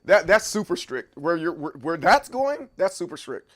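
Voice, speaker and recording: A man's voice: a little high, sing-song, normal speed, a bit bright. A man in his thirties hosting a livestream, chatting casually through viewer comments and often stopping to repeat words as he thinks aloud.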